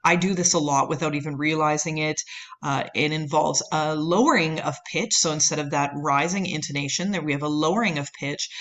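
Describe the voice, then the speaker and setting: A woman's voice: low-pitched, fairly bright tone. A woman lecturing on anthropology, explaining at length with many fillers and "right?" checks. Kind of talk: recorded lecture.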